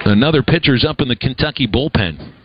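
A man giving live baseball play-by-play as announcer, brisk and conversational with dry humor. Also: mid-range voice, expressive, lo-fi sound, some chatter behind, slight background noise.

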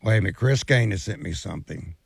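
Man, gravelly voice, dry close sound, sports radio co-host, reads listener messages. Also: low voice, expressive, fast, no echo. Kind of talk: casual sports talk radio.

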